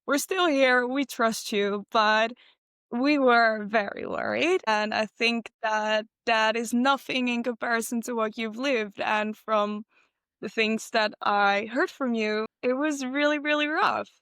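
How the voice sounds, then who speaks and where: A woman with a fairly high voice hosts a podcast and speaks to her guest in an earnest, affirming way. The recording is dry and close, with no room echo. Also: steady tone, measured pace, a bit bright, clean tone. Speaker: podcast host. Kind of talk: heartfelt interview talk.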